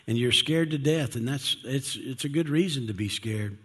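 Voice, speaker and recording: A man preaching a sermon in a mid-pitched, everyday voice. He talks earnestly and conversationally, asks his listeners questions, and often restarts his sentences. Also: moderate pace, a bit bright, slightly rough. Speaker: pastor.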